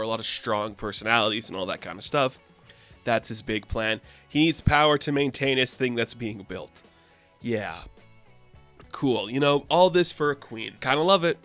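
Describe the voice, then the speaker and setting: A man's voice: mid-range voice, fairly bright tone. A man casually reviewing a comic issue with offhand, slangy asides. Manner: laid-back, offhand, recaps with slangy asides.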